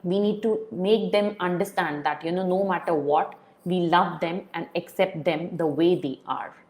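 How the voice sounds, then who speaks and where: A woman in her thirties gives a talk to parents on helping children with their feelings. Her voice sits a little low, and she talks in a loose, chatty way, full of fillers and restarts. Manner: conversational, many fillers and restarts. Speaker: parenting educator.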